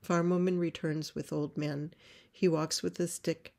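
A woman reading a play script aloud, describing stage directions in a measured way. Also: deep voice, little pitch movement, vocal fry, a little mellow. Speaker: playwright reading her script.

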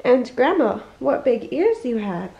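A woman's voice: fairly high pitch, very animated, measured pace, creaky, dark tone, exaggerated voice. A woman reading the part of a trusting, cheerful little girl in a storybook, with an eager manner, on a dull lo-fi recording. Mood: wondering. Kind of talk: storybook read-aloud.

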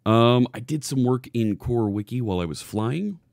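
A man's voice: mid-range voice, lively intonation, moderate pace, gravelly, darkish tone, no echo. A man hosting a live coding stream, talking casually from his green-screen studio. He greets viewers in the chat by name and often restarts his phrases. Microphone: hidden desk microphone.

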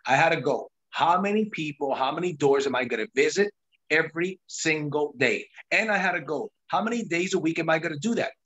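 A man's voice: fairly high pitch, expressive, brisk, fairly bright tone. A man hosting a sales team call, telling his own story in an emphatic, pushy, repetitive way. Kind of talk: motivational sales talk on a call.

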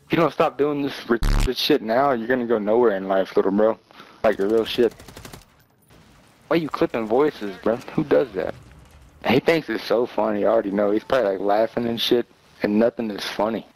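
A man's voice: fairly low pitch, fairly even intonation, quick pace, darkish tone, rough recording. Male gamer, scolding, profane voice-chat rant. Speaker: online game player.

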